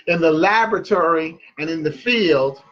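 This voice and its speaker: A man voicing a cool-headed, proud mother of four who speaks deliberately and stresses her words. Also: a little high, lo-fi sound, lightly acted. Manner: calm, deliberate, emphatic.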